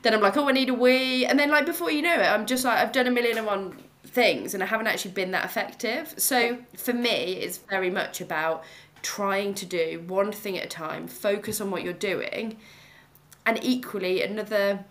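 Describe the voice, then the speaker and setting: A woman's voice: mid-range voice, normal speed, a bit bright. Chatty woman, reassuring. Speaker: mindfulness teacher and coach. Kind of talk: casual podcast conversation.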